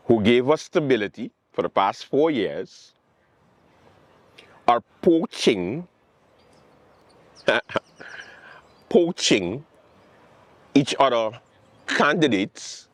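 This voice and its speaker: A man hosting a late-night comedy show, ranting about politics in a sarcastic, animated way. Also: mid-range voice, slow pace, long pauses, no echo. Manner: animated, sarcastic, mocking quotes and repetition. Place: outdoors with planes overhead.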